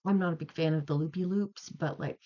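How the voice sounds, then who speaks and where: A young adult vlogger tells a story in a loose, rambling way, filling sentences with "like". The voice sits at a middle pitch. The audio is slightly dull and lo-fi. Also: brisk, mellow. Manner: rambling, chatty, heavy use of "like". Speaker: video creator. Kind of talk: casual storytelling vlog.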